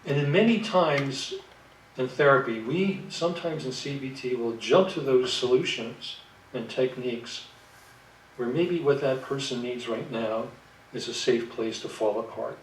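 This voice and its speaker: A man's voice: medium pitch, a little hiss or hum. Man lecturing in an echoey room. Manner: measured, reflective, with fillers and restarts. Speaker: workshop presenter, therapist. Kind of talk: lecture to clinicians. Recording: echoey room, distant mic.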